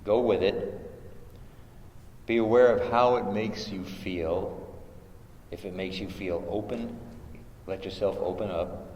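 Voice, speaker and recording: A man leading a contemplative prayer workshop, giving gentle instructions with hesitant restarts and chanting syllables. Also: fairly low pitch, slow, pauses often. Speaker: meditation teacher. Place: large chapel with long reverb. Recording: echoey chapel recording, faint hiss.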